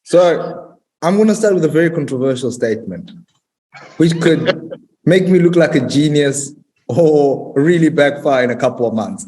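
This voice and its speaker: A man's voice: on the high side, animated, moderate pace, darkish tone, poor audio. Provocative South African co-host man. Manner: bold and provocative in opinions. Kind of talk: casual chat.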